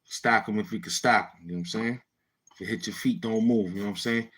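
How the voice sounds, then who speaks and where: Low husky New York man. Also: steady tone, fast, a bit bright. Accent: New York City. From Brownsville, Brooklyn, New York. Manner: laid-back street slang, acts out quoted friends. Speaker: storyteller. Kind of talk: casual storytelling.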